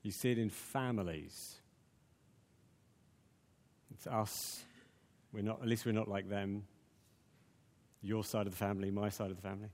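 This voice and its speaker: A man's voice: fairly low pitch, steady tone, moderate pace, long pauses, a little mellow. Man preaching in a reverberant hall. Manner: conversational, many fillers and restarts. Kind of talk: sermon.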